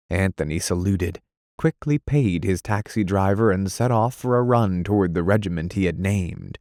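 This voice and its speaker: A man narrating an audiobook in a measured, dramatic reading style. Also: sits low, lively intonation, darkish tone, dry recording, clean studio sound.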